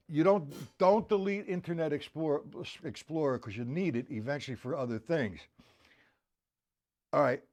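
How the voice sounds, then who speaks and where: A man's voice: medium pitch, expressive, normal speed, darkish tone. A man giving a live-streamed drum lesson, counting beats aloud, joking and answering viewers by name. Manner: casual, joking. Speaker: drum teacher.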